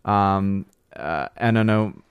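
A man's voice: low-pitched, slow, clean tone, no room sound, studio quality. A man co-hosting a casual chat, reading comments and talking with frequent restarts and fillers. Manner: hesitant, many restarts and fillers. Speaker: podcast co-host reading chat.

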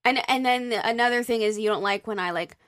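Quick, frank young woman co-hosting. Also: fairly high pitch, fairly bright tone, no echo, studio quality. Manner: quick, frank, self-defending, swears casually. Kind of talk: casual podcast chat.

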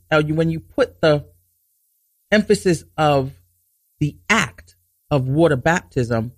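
Animated earnest man teaching scripture. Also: a little high, no echo, clean studio sound. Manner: earnest, repeats and restarts to stress points; reads scripture slowly and deliberately. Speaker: Bible teacher and show host. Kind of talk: informal Bible teaching talk.

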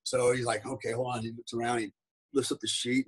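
A man's voice: medium pitch, steady tone, fast talker, breathy edge, low-quality recording. A man, a podcast guest and former special forces soldier, telling a rambling story in casual talk, peppered with "right?" and "man".

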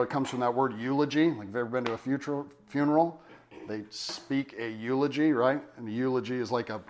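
Man teaching a casual Bible study. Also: medium pitch. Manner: conversational, many fillers, emphatic.

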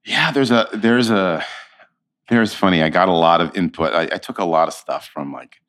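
Very deep-voiced man telling stories. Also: normal speed. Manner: animated storyteller, slips into quoted voices. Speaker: actor, interview guest. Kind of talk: casual interview chat.

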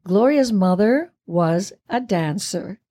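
A woman's voice: mid-range voice, lively intonation, slow, mellow, husky. A woman in her eighties, a guest actress chatting in an interview in a theatrical way, often laughing. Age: 80s. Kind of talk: casual interview chat.

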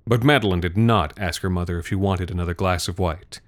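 A man's voice: deep voice, brisk, hardly any pauses, dry recording. Wry, theatrical male storyteller. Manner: wry, theatrical, darkly comic. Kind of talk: scripted narration.

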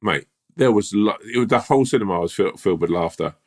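A man chatting on a podcast, talking fast and eagerly acting out little scenes between laughs. His pitch sits slightly low but swings widely as he tells his stories. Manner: animated storytelling, laughs often, acts out bits of dialogue. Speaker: podcast co-host. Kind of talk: casual chat.

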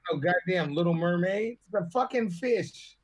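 A man's voice: high-pitched, expressive, normal speed, a crowd in the background. A man co-hosting a podcast, ranting in profane, joking bursts during casual chat. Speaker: podcast co-host.

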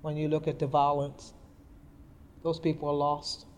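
A woman's voice: sits low, level tone, moderate pace, a little mellow, a little hiss or hum. Middle-aged woman guest, plainspoken and earnest storyteller. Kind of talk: personal storytelling in conversation. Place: indoor interview. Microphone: podcast mic.

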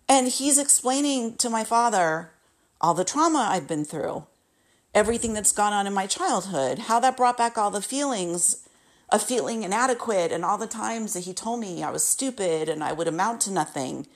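A woman's voice: medium pitch, animated, normal speed. A woman in her late fifties telling a personal story in a candid, emotional way, often repeating herself. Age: 50s. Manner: candid, emotional, repetitive retelling.

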